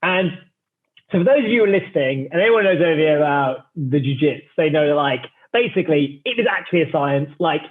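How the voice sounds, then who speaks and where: A man's voice: a little high, lively intonation, quick pace. A man, a startup founder, telling a story in a cheeky, theatrical way and swearing freely. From England. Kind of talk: animated anecdotal storytelling. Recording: tinny phone-like remote line.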